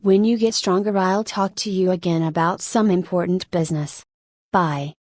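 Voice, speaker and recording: A woman's voice: fairly low pitch, fairly even intonation, normal speed, a little mellow, no room sound, studio quality, close to an everyday voice. A woman voicing a playful, mocking male being made of light who laughs at the hero in an audiobook. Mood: teasing. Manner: teasing, laughing at the listener.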